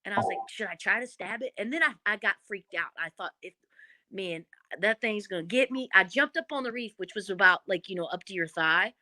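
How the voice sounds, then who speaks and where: Her voice mid-range and a touch quick, a woman with a Southern Kentucky accent recounts stories as a guest in a casual interview. She's a former reality show contestant and a lively, dramatic storyteller who uses folksy phrasing. No echo is present.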